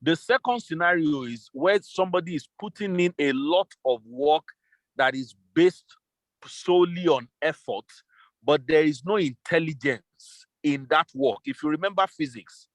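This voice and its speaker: A business consultant with a slightly high voice answers interview questions over a remote call. The recording is dry, and he works through his points methodically, laying out scenarios step by step.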